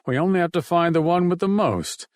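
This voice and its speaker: A man's voice: mid-range voice, expressive, moderate pace, no echo, close to an everyday voice. A man voicing a practical, blunt man with dry humor in an audiobook. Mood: wry. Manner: blunt and wry. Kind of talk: audiobook narration.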